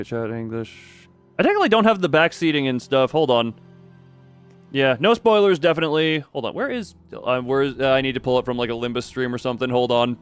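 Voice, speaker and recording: A man's voice: mid-range voice, clean tone. A man streaming a game, chatting casually and rambling to his chat, often stopping himself mid-sentence. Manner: rambling, self-interrupting, talks to chat and to himself. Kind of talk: casual live-stream chat while playing.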